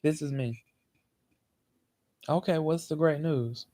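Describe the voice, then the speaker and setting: A man hosting a show, telling a comic story in a sassy, animated way and speaking straight to the audience. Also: fairly high pitch, slow pace. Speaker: show host.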